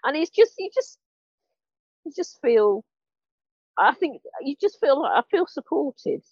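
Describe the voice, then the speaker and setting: Lively British woman, slightly muffled. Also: sits high, unhurried, no echo. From England. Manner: bubbly, hesitant, lots of restarts and laughs. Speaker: podcast guest. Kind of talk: casual interview chat.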